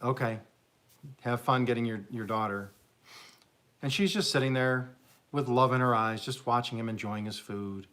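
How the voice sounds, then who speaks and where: A man's voice: medium pitch, steady tone, normal speed, pauses often, a bit bright. A man hosting a live stream, casually telling jokes as a rambling, chuckling storyteller. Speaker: livestream host.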